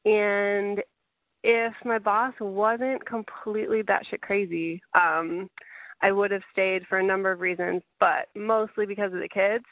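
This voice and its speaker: A woman's voice: medium pitch, fairly even intonation, unhurried, no echo. A woman who is a teacher, chatting as a podcast guest, giggly and upbeat. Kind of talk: casual chat. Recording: dry, phone-like sound.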